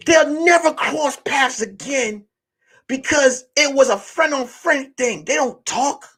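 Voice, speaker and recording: A male comedian and podcast host telling a wild story, acting out the people in it and swinging from hushed lines to shouting. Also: extremely high pitch.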